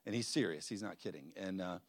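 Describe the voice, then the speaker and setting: Low gravelly pastor telling a story. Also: male voice, brisk, no echo. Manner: storytelling with quoted voices and laughs. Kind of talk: church sermon introduction. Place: church sanctuary.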